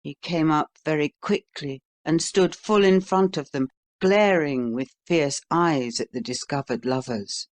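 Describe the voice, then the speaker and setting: An audiobook narrator reading a novel in a steady storytelling manner. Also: medium pitch, measured pace, hardly any pauses, no room sound.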